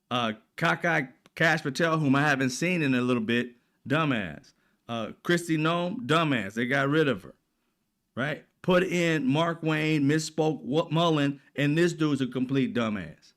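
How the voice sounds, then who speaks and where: A man's voice: a little high, fairly bright tone. A man hosting political commentary, ranting in a blunt, profane, exasperated way.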